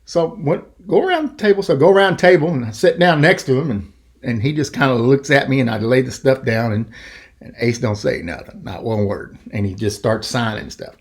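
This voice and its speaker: A middle-aged man hosting a podcast, telling a story in a rambling, animated way and acting out the quoted voices. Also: mid-range voice, a little fast. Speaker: podcast host. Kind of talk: casual storytelling.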